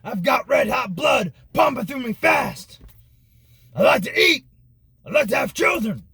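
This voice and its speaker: A man voicing a fiery middle-aged conspiracy talk-show host who preaches and builds to furious shouting, recorded outdoors near traffic with street noise behind. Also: high voice, animated, a little slow, breathy edge, no room sound, heavily acted. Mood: bellowing. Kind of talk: comic impression rant.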